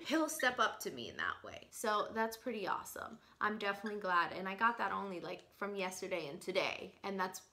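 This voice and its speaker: A woman's voice: medium pitch, very animated, a little fast, few pauses, sharp tone. A woman vlogger talking casually to camera, rambling and chatty, with many fillers as she tells a story. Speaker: parrot channel vlogger.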